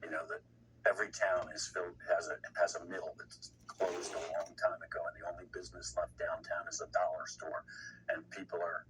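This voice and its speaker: Blunt, indignant man with a low voice. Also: little pitch movement, brisk. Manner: blunt, indignant, rambling with restarts. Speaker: guest commentator. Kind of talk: political commentary. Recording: distant mic with faint noise.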